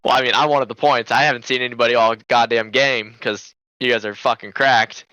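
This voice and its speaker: A man with a bright, clear, resonant voice jokes about his own mistakes on a gaming podcast. His delivery is self-deprecating and casual. He sits close to a dry mic. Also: mid-range voice, steady tone, a little fast, dry recording, dull audio. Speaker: esports team co-owner, podcast host.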